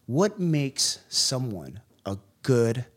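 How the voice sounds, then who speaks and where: Lively animated man telling stories. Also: mid-range voice, very slow. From Bay Area, California. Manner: animated storytelling with slang and laughs. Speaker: guest, business owner and former police officer. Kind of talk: storytelling in a podcast interview.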